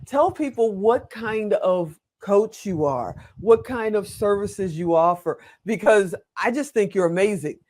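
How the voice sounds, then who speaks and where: A man's voice: high-pitched, expressive, unhurried, hardly any pauses, darkish tone. An older man hosting an interview show, chatty, frank and enthusiastic. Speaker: host.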